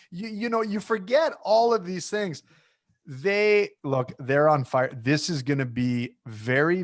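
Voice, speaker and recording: A man co-hosting a sports podcast in casual chat, emphatic and repeating himself for effect. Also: on the high side. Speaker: podcast co-host.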